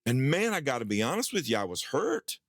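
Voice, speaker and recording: A pastor telling a personal story in a sermon, acting out his own past dialogue with lively rises in pitch. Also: fairly quick, dry recording, studio quality.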